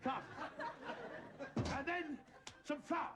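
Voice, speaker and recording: On an old TV recording, a stage comedian and magician does comic patter for an audience, bumbling and giggling at his own jokes in mock exasperation. His voice is extremely high and slow, and loud background noise and audience laughter fill the clip.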